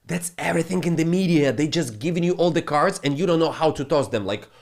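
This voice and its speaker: A man's voice: on the high side, fast talker, gravelly, few pauses. Profane, ranting male crypto host. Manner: profane, animated, non-native phrasing. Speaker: crypto trading channel host. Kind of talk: ranting market commentary.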